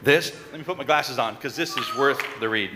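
A man giving a lively children's sermon, coaxing and calling out to the kids in a church. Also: medium pitch, fairly quick, slight background noise. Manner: animated, coaxing, calls out to the kids. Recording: long reverb in a large hall, faint crowd.

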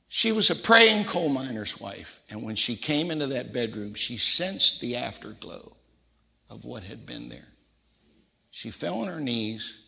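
Folksy personal stories fill this older man's sermon, and he acts out the voices of those involved. He has a medium-pitched voice that's creaky, pushed, and bright, and the recording carries a reverberant hall sound.

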